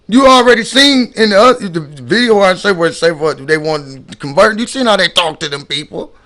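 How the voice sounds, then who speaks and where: A man's voice: sits high, lively intonation, normal speed, pushed and bright. Emphatic man ranting in slangy talk. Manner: emphatic, repeats and restarts words, slangy. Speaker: vlogger commenting on videos. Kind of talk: casual ranting commentary.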